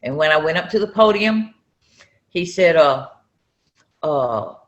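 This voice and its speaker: Woman from north carolina telling a story, acts out the voices, gets loud and high when she gets worked up. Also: lively intonation, unhurried. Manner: acts out dialogue with sudden loud raised outbursts. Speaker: interview guest, entrepreneur. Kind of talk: animated personal storytelling.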